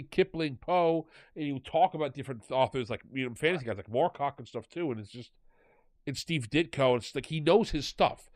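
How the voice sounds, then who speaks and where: A man co-hosting a podcast in casual chat, ranting in an animated, exasperated way. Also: on the high side, no room sound. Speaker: podcast co-host.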